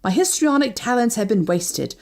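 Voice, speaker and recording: A woman's voice: normal speed, gravelly. A woman narrating a first-person novel as an audiobook, reading expressively. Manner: expressive, shifting pitch with each character.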